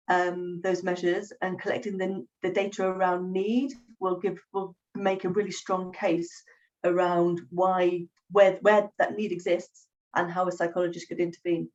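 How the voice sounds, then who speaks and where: A woman, a psychologist hosting a webinar, speaking in a measured way with many pauses over a video call. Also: lowish voice, little pitch movement, darkish tone. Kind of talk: professional discussion on a video call. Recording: distant, dull lo-fi call audio.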